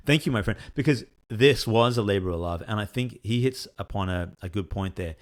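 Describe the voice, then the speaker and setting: A man's voice: lowish voice, moderate pace. A man, a solo game developer, talking candidly and rambling with many fillers. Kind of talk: casual talk to camera.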